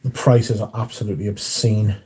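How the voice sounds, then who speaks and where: A man's voice: fairly low pitch, level tone, fairly quick, mellow, slightly rough. A man hosting a livestream in casual chat, reading out viewer comments and answering them in a dry, offhand way.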